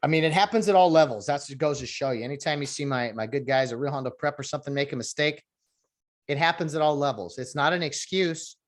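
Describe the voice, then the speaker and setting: A man giving casual sports commentary in an animated, ranting way, with many fillers and restarts. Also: a little high, fast talker.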